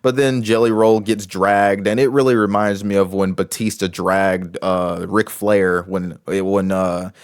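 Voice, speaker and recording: A man's voice: low-pitched, flat delivery, measured pace, few pauses, clean tone, dry recording, clean studio sound. A man giving casual commentary as a wrestling show reviewer, rambling with many restarts and fillers.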